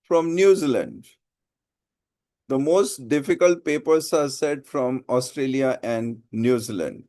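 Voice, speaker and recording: A man's voice: medium pitch, animated, takes it slowly, warm tone, dry recording, studio quality. A man teaching a live class, asking his students questions as he goes. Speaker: IELTS teacher.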